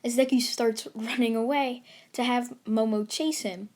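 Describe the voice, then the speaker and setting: A woman's voice: fairly high pitch, fairly even intonation, measured pace, darkish tone. A woman casually narrating an anime fan story, rambling with many fillers. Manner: rambling, filler-heavy, giggly asides.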